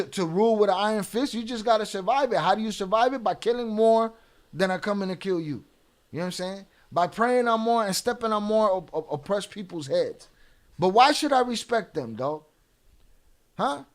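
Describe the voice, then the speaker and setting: A middle-aged man hosting a live stream, talking bluntly and profanely as he rants back at his chat. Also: high voice. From United States.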